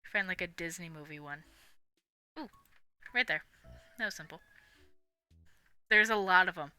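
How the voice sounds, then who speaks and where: A woman's voice: on the low side, a little slow, sharp tone, smooth, soft background music. A young woman live-streaming, chatting casually in a rambling, giggly way with lots of fillers. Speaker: livestream host.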